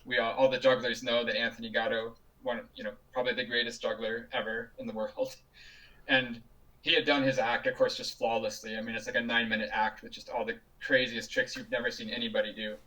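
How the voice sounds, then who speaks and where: A man's voice: mid-range voice, little pitch movement, fairly quick, pushed and bright, far from the mic, poor audio. A man being interviewed over a video call, telling stories casually with frequent laughs and restarts. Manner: chatty, laughs often, many restarts. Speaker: juggler and guest.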